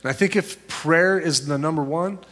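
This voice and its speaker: Male pastor with a higher voice, casual storytelling sermon delivery. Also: moderate pace, fairly bright tone. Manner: conversational, storytelling preacher; shifts into high voices for quoted people.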